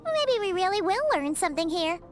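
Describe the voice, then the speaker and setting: A woman voicing a tiny, excitable female companion sprite in a video game, chatty and childlike. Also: extremely high pitch, fairly quick, soft background music. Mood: chirpy. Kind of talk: game voice acting.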